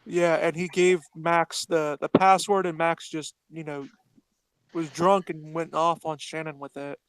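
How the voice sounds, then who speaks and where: A man's voice: a little high, little pitch movement, measured pace, clean tone, dry recording, rough recording. A man as a guest on a casual podcast, recounting events loosely with fillers like "you know".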